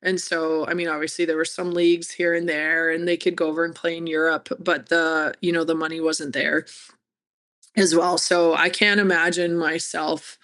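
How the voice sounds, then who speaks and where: A woman's voice: low-pitched, little pitch movement, normal speed, a bit bright. A woman college hockey coach, talking candidly and telling stories in an interview. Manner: chatty, storytelling.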